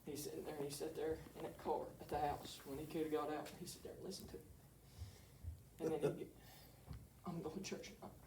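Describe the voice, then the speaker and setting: A teenage boy giving a halting, shy testimony in church, laughing between phrases. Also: on the high side, flat delivery, mellow. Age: teens. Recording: echoey church, distant mic, background noise.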